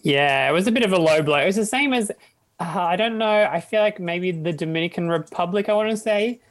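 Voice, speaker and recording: A woman's voice: lowish voice, fairly quick. Easygoing woman in a casual chat.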